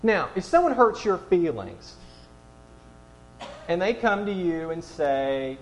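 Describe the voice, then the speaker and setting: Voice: mid-range voice, animated, slow, soft background music, poor audio. A preacher delivering a sermon to a room, asking the audience many rhetorical questions.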